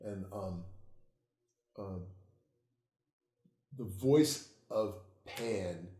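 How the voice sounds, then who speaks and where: A man, an occult author, telling stories in a casual interview, swearing freely and getting animated. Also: lowish voice, extremely slow, roomy sound. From United States. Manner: profane, animated storytelling, laughs at own tales.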